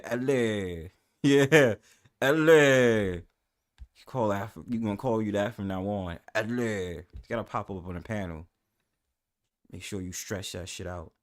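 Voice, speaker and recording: On a casual livestream panel, a man with a New York accent plays host, laughing a lot and swearing without restraint. His volume jumps from loud outbursts to quiet mumbling.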